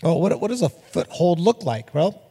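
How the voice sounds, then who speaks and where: A man's voice: high voice, moderate pace, husky, big-room sound. A man preaching a sermon as pastor, telling stories energetically and acting out the quotes. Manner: energetic storytelling with acted-out quotes.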